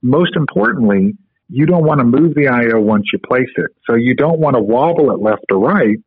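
A man's voice: medium pitch, expressive, moderate pace, breathy edge, no room sound. A man guest on a podcast interview, casually explaining a medical technique with frequent fillers. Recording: tinny phone-line audio, dry.

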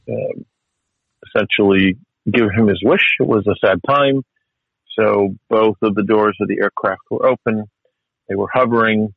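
A man talks in a loose, storytelling way, wry and full of restarts. His voice sits on the low side. The sound is dry and slightly muffled. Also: gravelly, dry recording. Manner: chatty, wry, many restarts and fillers. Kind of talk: casual storytelling chat.

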